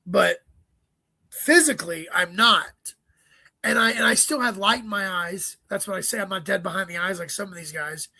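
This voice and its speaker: A man, a stand-up comedian, chatting as an interview guest, telling stories quickly with swearing and joking asides. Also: sits high, vocal fry, bright, forceful tone, breathy edge, dry recording. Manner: profane, rapid storytelling with joking asides. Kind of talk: casual interview chat.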